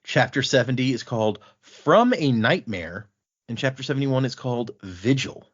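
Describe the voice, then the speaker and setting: A man hosting a podcast, chatting loosely as he recaps what happened in the chapters. His voice sits at an ordinary middle pitch. The recording sounds a little dull and lo-fi. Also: moderate pace, breathy edge. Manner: animated retelling, acting out quotes in passing. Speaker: podcast host recapping a book. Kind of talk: casual chat.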